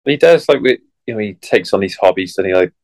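A man's voice: lowish voice, lively intonation, fast, creaky, no echo. A man co-hosting a podcast in casual chat, throwing in dry one-line quips. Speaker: podcast co-host.

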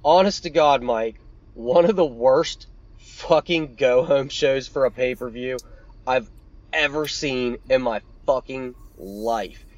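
A man's voice: medium pitch, slow pace, dry recording, dull audio. A man co-hosting a podcast, talking bluntly and swearing freely in casual chat. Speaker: podcast co-host.

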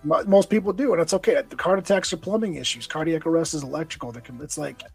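A man's voice: a little high, fast talker, gravelly, darkish tone, breathy edge, faint music behind, low-quality recording. A man, a police officer and nonprofit founder, telling his story earnestly and with emotion in a conversational interview.

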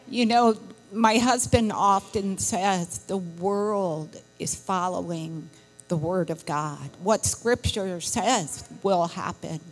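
A woman's voice: medium pitch, big-room sound, low-quality recording. A woman from England, a missionary's wife giving an earnest testimony at church. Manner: earnest, slow, breathy. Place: church sanctuary.

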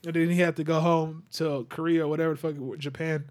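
A man's voice: a little high, level tone, brisk, darkish tone. A man hosting a casual podcast, chatting loosely and telling stories with acted-out quotes. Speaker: podcast host. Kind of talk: casual chat.

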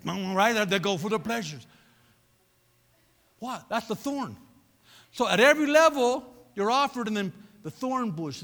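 A man preaching a sermon as pastor, swinging between loud peaks and low murmurs. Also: expressive, measured pace, pauses often, big-room sound. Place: church.

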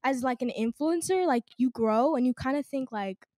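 A woman's voice: sits high, moderate pace, mellow, no room sound, studio quality. Giggly teenage girl from Texas. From Texas, USA. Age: teens. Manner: chatty, giggly, uses lots of fillers. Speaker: interviewee, social media creator. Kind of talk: casual street interview.

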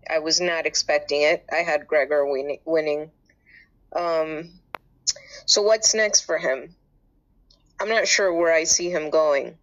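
A woman with a lowish voice speaks slowly and evenly as she asks her question. The call sounds dull and lo-fi. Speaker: caller.

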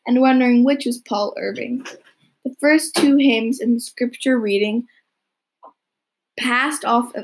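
A young woman reads a novel aloud in a breathy, somewhat high voice. She keeps a steady narrating pace and stumbles now and then before restarting. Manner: occasional slips and restarts. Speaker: audiobook reader.

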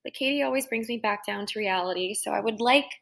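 A woman's voice: mid-range voice, fast, creaky, fairly bright tone. A woman co-hosting a podcast, talking candidly and self-critically in casual chat. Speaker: podcast co-host.

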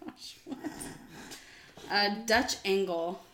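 A woman co-hosting a podcast game, reading keywords calmly and matter-of-factly. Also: mid-range voice, slow, a little hiss or hum. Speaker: podcast co-host. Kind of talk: casual game chat.

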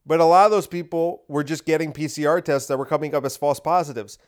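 Smooth-voiced man ranting on a podcast. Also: on the high side, steady tone, quick pace. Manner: sarcastic, ranting, rhetorical questions. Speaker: podcast host. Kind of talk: opinionated monologue.

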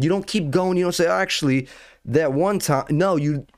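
A man's voice: fairly high pitch, moderate pace, no room sound, studio quality. A young man casually telling a rambling, profane story as a podcast host, full of slang and building into outrage.

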